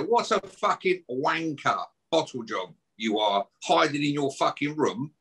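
A man's voice: fairly high pitch, big pitch swings, measured pace, hardly any pauses, a bit bright, slightly rough. A man doing a swearing rant. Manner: aggressive, swearing, taunting. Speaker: podcast guest. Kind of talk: heated podcast rant.

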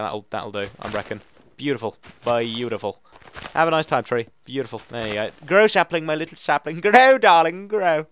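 A man's voice: mid-range voice, a bit bright, a little hiss or hum. A man giving casual gaming commentary, chatting to himself and joking with mock drama. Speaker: Let's Play gamer.

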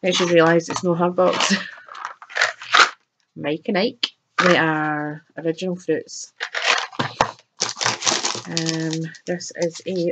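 A woman chatting casually as she unboxes a box of sweets, chirpy and quick to laugh. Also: on the low side, fairly even intonation, very noisy. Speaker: unboxing vlogger.

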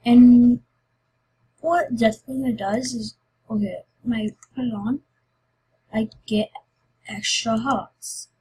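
Husky-voiced woman rambling slowly thru a minecraft giveaway, kinda breathy. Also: a little high, fairly even intonation, warm tone, low-quality recording. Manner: rambling and loosely chatty. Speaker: Minecraft YouTuber. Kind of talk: casual giveaway video chat.

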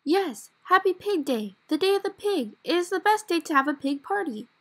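A cheerful little pink pig from a picture book, read aloud by a woman storyteller. She talks in a high, bouncy sing-song and exclaims at nearly everything. It comes across as a gentle children's book reading. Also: sing-song, normal speed. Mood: excited. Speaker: library storyteller.

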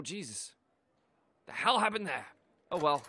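A man playing a shooter and joking around, goofy and sweary, with sudden shouts. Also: sits high, animated, normal speed, dry recording. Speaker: let's play gamer. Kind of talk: gaming commentary.

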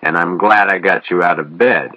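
A man reading an audiobook, voicing a gruff, pushy middle-aged male boss who talks bluntly and makes demands. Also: deep voice, normal speed, pushed and bright, no room sound, dull audio. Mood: grudging.

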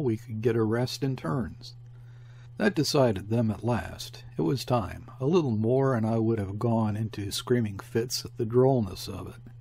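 A man reading a classic short story aloud as an audiobook narrator, in a measured storytelling manner. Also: medium pitch, creaky, a little mellow, slightly rough. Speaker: audiobook reader. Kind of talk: scripted literary narration.

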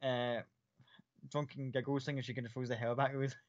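A man running a tabletop game, narrating in a loose, rambling way full of fillers. His voice sits at a middle pitch, and the recording is dry and a little muffled. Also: flat delivery, a little fast, no echo. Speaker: game master.

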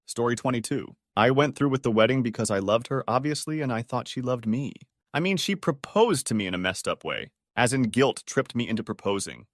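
Man narrating stories, lively dry voice. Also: mid-range voice, fairly quick, few pauses, dry recording. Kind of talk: scripted narration of online stories.

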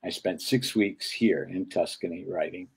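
An older man from upstate New York sits in as a guest and tells his story with many stops and "uh"s. His voice sits low and has a husky edge to it. He rambles along in a relaxed, conversational way. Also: moderate pace. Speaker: guest filmmaker. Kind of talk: casual interview chat.

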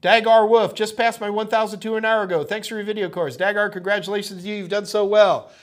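Here a man talks fast in a high voice with fairly even intonation. He's hosting a live tech Q&A, upbeat and talkative, calling everyone folks, though a persistent cough leaves him slightly hoarse.

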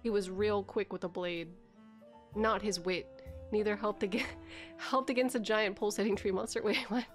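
Streamer lady doing a deadpan noir detective narrator, dry and understated, faint music behind. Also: medium pitch, moderate pace, natural voice. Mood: wry. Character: hardboiled adult male noir detective narrator.

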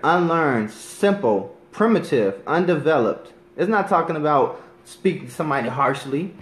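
A man delivers a Bible lesson in a somewhat high voice, earnest and insistent. He reads scripture slowly and deliberately, checking in with "you understand?" as he goes. The sound bounces around an echoey room. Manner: keeps asking "you understand?". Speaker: bible teacher. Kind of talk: scripture teaching.

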